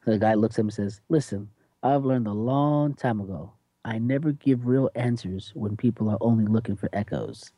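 Male podcast host, mellow tone, dry studio sound, easygoing and enthusiastic. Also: lowish voice, moderate pace, no room sound. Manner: enthusiastic, rambling with restarts. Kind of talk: casual chat.

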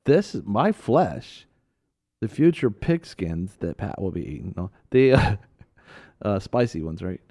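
Low-voiced male co-host, casual Bible teaching, animated and quick to laugh. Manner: animated storyteller, laughs often.

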